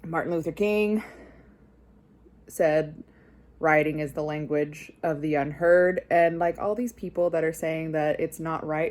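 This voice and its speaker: A woman's voice: low-pitched, steady tone, unhurried, darkish tone. A young woman vlogger delivering an angry personal rant, swearing constantly and getting more heated.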